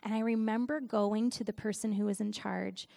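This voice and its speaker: A middle-aged woman giving a conversational sermon, telling stories in an animated way with frequent laughs. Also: mid-range voice, normal speed, vocal fry. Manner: animated storytelling, laughs often. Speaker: Christian speaker and worship leader.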